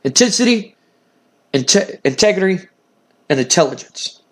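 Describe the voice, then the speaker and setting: Man voicing friendly wrestling champ, earnest, reassuring, stammering repeats, fairly high voice. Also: animated, measured pace, fairly bright tone. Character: friendly male wrestling champion offering respect.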